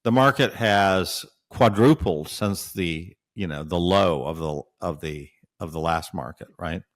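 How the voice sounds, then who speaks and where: A deep-voiced man, speaking at a measured pace, appears as a guest analyst in an interview. He explains at length and thinks aloud, hesitating often and using many fillers and checks like "right?".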